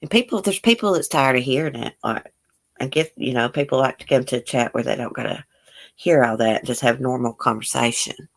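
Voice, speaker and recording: A woman's voice: extremely low pitch, fairly quick, gravelly. Southern country gal on her live chat, talks straight and cusses a bit, folksy drawl, just shooting the breeze w viewers. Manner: blunt, outspoken, swears freely. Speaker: YouTube livestream host. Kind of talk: casual live chat reading viewer comments.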